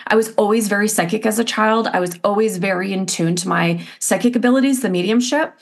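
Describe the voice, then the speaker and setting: Gravelly-voiced woman telling a story. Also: medium pitch, a little fast. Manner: animated and expressive, many "like" fillers. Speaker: guest. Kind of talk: storytelling interview.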